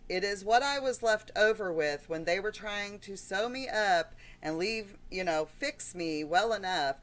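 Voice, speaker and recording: A woman's voice: medium pitch, fairly bright tone. Woman vlogger, middle-aged, emotional rant, blunt and rambling. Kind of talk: ranting vlog monologue.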